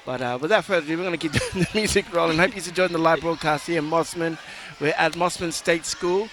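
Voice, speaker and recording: A man's voice: fairly high pitch, fast talker, slight background noise. A man hosting a live outdoor radio broadcast from a school fair, chatty and jokey with frequent laughter. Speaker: radio host. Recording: loud music behind.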